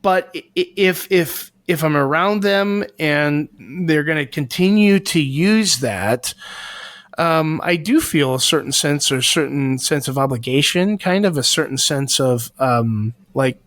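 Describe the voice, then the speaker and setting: A man with a voice on the high side and a bit bright co-hosts a podcast, speaking a little slowly. In this casual discussion he talks things through earnestly, searching for his words. It's a studio-quality recording with no room sound.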